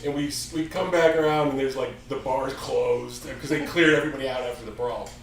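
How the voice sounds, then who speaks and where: A man's voice: medium pitch, brisk. A man in his fifties from the United States, hosting a casual chat and telling a rowdy story with swearing and acted-out sound effects. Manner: animated, swearing, acts out quotes with sound effects. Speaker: music store show host. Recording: echoey room from far off with faint ambient noise.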